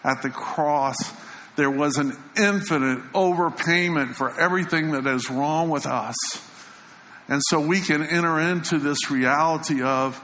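A male pastor delivers a sermon in an easy, conversational way, sometimes sinking into a softer tone to stress a point. His voice is bright and forceful. It rings out through a church hall with a long echo and a faint hum of ambience behind it. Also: on the high side, a little slow. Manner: conversational preaching, quoting scripture, dropping softly for emphasis. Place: church sanctuary.

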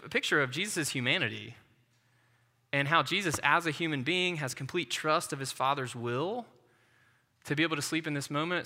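A man's voice: fairly high pitch, pushed and bright, in a large hall. A man preaching a sermon as a pastor, talking in an earnest, conversational way and mixing in personal stories. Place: church.

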